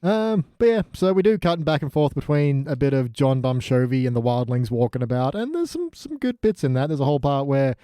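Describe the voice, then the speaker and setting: A man's voice: mid-range voice, animated, brisk, hardly any pauses, dark tone, clear, resonant tone, dry recording, clean studio sound. A man co-hosting a podcast in casual chat, joking, laughing often and acting out quotes. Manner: jokey, laughs often, acts out character quotes. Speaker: podcast co-host.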